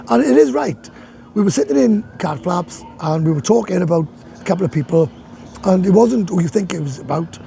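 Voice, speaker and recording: A man's voice: high-pitched, gravelly, warm tone. A Welsh man chatting on a casual live stream from a bar, rambling and swearing, laughing often. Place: bar in a hot tourist town.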